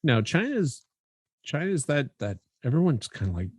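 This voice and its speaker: A man's voice: a little high, sing-song, normal speed, a little mellow, slightly rough, dry recording, clean studio sound. A man co-hosting a podcast in casual chat, joking and rambling with casual swearing. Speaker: podcast co-host.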